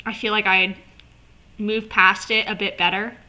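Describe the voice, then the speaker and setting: A woman vlogger chatting casually to camera, animated and swearing, with lots of "like" fillers. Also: mid-range voice, unhurried.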